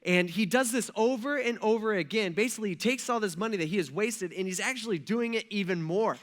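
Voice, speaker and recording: A man's voice: high voice, brisk. A male pastor preaching a conversational sermon, retelling a story in casual, slangy words and speaking directly to his congregation.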